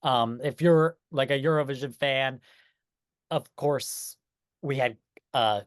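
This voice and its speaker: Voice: mid-range voice, takes it slowly, dry recording, clean studio sound. A podcast co-host in casual chat, talking enthusiastically and swearing casually.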